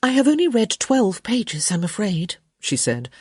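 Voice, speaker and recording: A woman's voice: mid-range voice, sing-song, measured pace, a little mellow, breathy edge, dry recording, clean studio sound, voice pushed up. A woman voicing a frank, curious young society lady who teases and speaks her mind. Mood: eager. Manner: frank and teasing.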